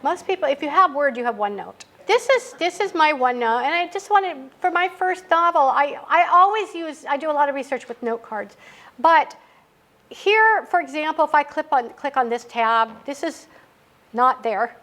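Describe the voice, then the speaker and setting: Chatty high-voiced woman leading a workshop. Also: lively intonation, normal speed, a bit bright. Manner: chatty, anecdotal, laughs at her own stories. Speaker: writing workshop presenter. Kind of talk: casual workshop talk. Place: public library meeting room.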